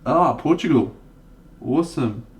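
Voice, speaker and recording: A man's voice: medium pitch, lively intonation, a little slow. A young Australian man chatting casually and laughing easily while painting models on a live stream.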